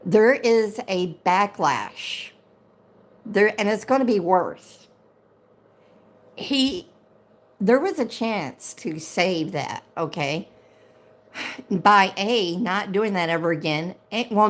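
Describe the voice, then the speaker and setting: A woman's voice: mid-range voice, animated, slow, long pauses. A middle-aged woman, hosting a casual livestream chat, talking in a chatty, indignant way and repeating herself when worked up. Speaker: livestream host and chat moderator.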